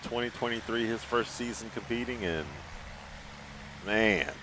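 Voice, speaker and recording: Deep-voiced slow-talking co-commentator man. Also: noisy background. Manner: laid-back, agreeable, short replies. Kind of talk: live color commentary.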